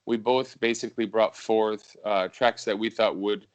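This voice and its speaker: A musician hosting a casual talk, a man with a somewhat low voice. He reminisces in a relaxed, unhurried way and swears casually. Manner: relaxed, reminiscing, loose and profane. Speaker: musician and host. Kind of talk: casual conversation.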